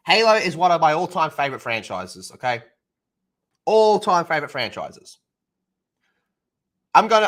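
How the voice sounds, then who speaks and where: A man's voice: a little high, bright, forceful tone. A man streaming alone, ranting heatedly with lots of swearing. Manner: heated, profane, sarcastic ranting. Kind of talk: livestream rant.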